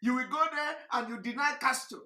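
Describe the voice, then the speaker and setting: A man giving impassioned livestream commentary, preachy and repetitive, firing rhetorical questions and swinging between shouting and low tones. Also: a little fast, reverberant. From Nigeria. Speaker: online broadcaster.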